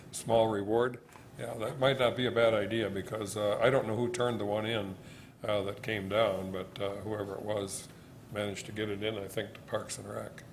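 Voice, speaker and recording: A man's voice: fairly low pitch, a little hiss or hum. A man giving a plain, hesitant presentation at a city council meeting.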